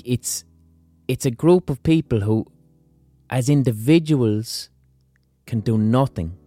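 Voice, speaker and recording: A man with an Irish accent delivers a casual podcast monologue, blunt and wry, swearing freely. His voice sits a little low and sounds mellow and relaxed. Faint guitar music plays quietly behind him. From Ireland. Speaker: podcast host.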